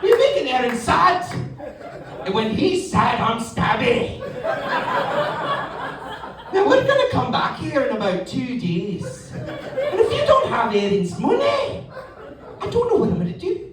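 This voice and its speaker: A man voicing a foul-mouthed, menacing five-year-old Scottish girl, shrill and threatening. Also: huge pitch swings, unhurried, long pauses, recorded from a distance, full character voice. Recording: echoey club room, crowd laughing.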